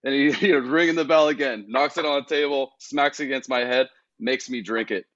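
A man telling a travel story in casual podcast chat, animated and laughing often. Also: mid-range voice, brisk, no echo. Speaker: guest. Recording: dull, dry lo-fi sound.

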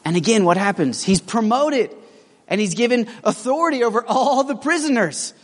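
A man preaching a sermon in a casual, animated storytelling manner, acting out his characters' lines, with lots of fillers and restarts. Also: very high voice, moderate pace, long reverb tail.

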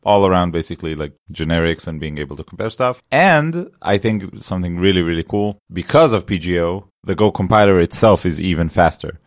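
A man's voice: low voice, expressive, brisk, few pauses, no room sound, clean studio sound. A man co-hosting a podcast, chatting in a loose, joking way full of fillers. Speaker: podcast co-host. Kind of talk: casual tech podcast chat.

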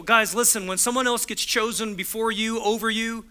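Preaching at normal speed, a male pastor uses a high-pitched voice that is bright, forceful, clear and resonant, with fairly even intonation. Punchy repeated phrases drive his points, and he acts out the voices in his stories.

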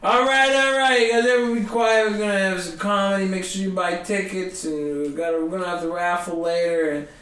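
A man doing a brash middle-aged party host who barks announcements at a crowd in a high, pushy voice. The sound is roomy and a little off the mic. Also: level tone, brisk, few pauses, far from the mic. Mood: rowdy. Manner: loud, bossy announcing.

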